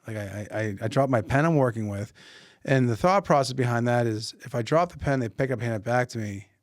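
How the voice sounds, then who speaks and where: A man's voice: mid-range voice, brisk, no echo, clean studio sound. A man hosting a podcast, telling a story casually and acting out the dialogue, often restarting his sentences. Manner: animated anecdote-telling, acting out quoted dialogue with many restarts. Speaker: podcast host.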